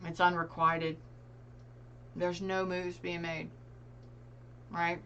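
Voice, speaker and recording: A woman reads tarot cards in a loose, conversational way. She speaks to her viewers directly and earnestly, her voice sitting a little low. A faint hum runs under the recording. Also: level tone, takes it slowly, a bit bright, lo-fi sound. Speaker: tarot reader. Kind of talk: casual tarot reading to camera.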